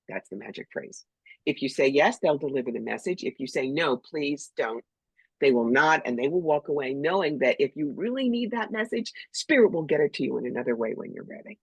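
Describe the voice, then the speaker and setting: امرأة مسنّة من نيويورك بصوت أجشّ، تتحدث بصراحة وحيوية كضيفة في مقابلة، في تسجيل جاف قريب. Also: female voice, low-pitched, a little fast, slightly rough, no echo, rough recording. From New York. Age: older. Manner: blunt, animated, acts out voices. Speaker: psychic medium, guest. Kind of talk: storytelling interview talk.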